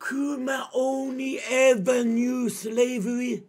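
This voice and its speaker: A man streaming a live manga reaction, emotional and slangy, swinging between shouting and low muttering. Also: little pitch movement, slow pace, husky.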